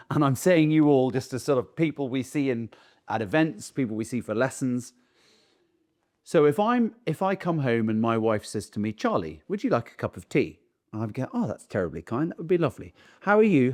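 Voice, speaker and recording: A man's voice: mid-range voice, darkish tone. A middle-aged man, a dog trainer, talking bluntly and casually, acting out owners calling their dogs. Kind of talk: casual talk to camera.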